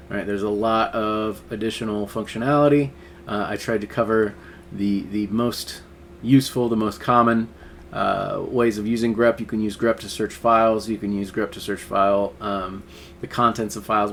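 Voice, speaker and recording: With a fairly low-pitched voice and some faint background noise, a man leads a coding tutorial recorded from his screen. Keyboard typing accompanies his casual, think-aloud delivery, which is heavy on fillers.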